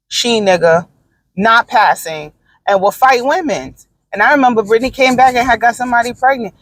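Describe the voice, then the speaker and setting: A woman's voice: fairly high pitch, dry recording, rough recording. A woman hosting a solo podcast, talking in a blunt, profane, opinionated way with rambling asides and frequent fillers. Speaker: podcast host. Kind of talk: casual solo podcast monologue.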